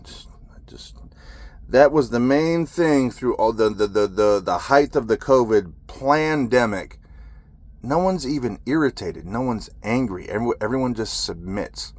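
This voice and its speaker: A man's voice: medium pitch, expressive, moderate pace, darkish tone. A man who is a military veteran, telling a story in an agitated, profane ranting monologue.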